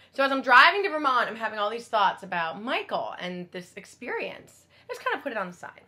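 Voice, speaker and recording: Bright-voiced woman telling an earnest story. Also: a little high. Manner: earnest, excited, chatty with fillers and quoted dialogue. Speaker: vlogger. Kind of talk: personal storytelling to camera.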